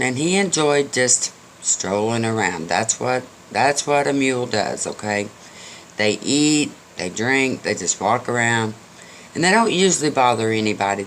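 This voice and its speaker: An older man spins a folksy story in a chatty, joking way. His voice sits at a middle pitch, with a faint hiss of noise under the recording. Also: a bit bright. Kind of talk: casual storytelling.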